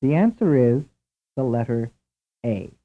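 A man giving a scripted language lesson in a measured, clear, deliberate drill delivery. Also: mid-range voice, animated. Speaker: language instructor. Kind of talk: scripted instructional narration. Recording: tinny, lo-fi old tape recording.

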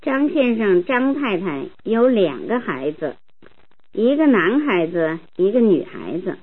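A woman reading model sentences clearly and carefully for language learners. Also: medium pitch, sing-song, unhurried. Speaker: language tape speaker. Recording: tinny narrow-band tape recording.

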